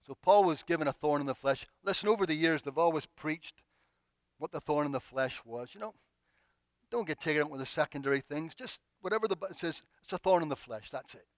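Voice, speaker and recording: A man preaching a sermon, acting out pleading prayers with expressive, dramatic delivery. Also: on the high side, a little fast, no room sound.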